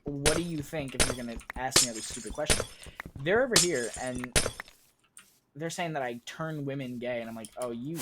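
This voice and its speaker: A young man rambles casually through a gaming stream, wandering from one random tangent to another in a self-mocking tone. His pitch is middling, and loud game sounds play beneath his voice.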